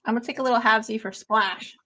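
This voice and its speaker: A young woman hosts a casual watch-along stream, chatting with live viewers, laughing a lot and saying "like" constantly. Her voice is fairly high and steady in tone, bright and forceful, and she talks very fast.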